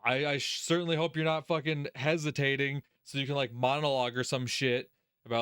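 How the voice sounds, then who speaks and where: A man hosts a let's play and reacts to the game in an animated, profane stream of casual commentary. He laughs often and talks straight at the character on screen. His voice sits mid-range, smooth and clear, in a dry, close recording. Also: medium pitch, normal speed, no echo.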